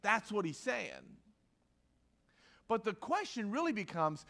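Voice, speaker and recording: A man's voice: high-pitched, sing-song, measured pace, creaky, pauses often, fairly bright tone. A man preaching a conversational sermon to a live congregation, repeating key lines for emphasis and acting out quoted voices. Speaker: pastor. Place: church hall with a live audience.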